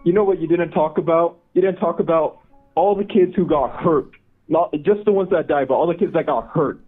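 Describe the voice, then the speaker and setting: A man's voice: a little high, brisk, faint music behind, close to an everyday voice. A man playing an upset male parent who calls in from a hospital and confronts the host. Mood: upset angry. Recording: tinny phone line.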